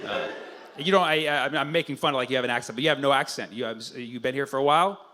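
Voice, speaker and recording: A man doing stand-up crowd work, teasing and profane in quick banter with the audience. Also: mid-range voice, pushed and bright. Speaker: stand-up comedian. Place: comedy club stage.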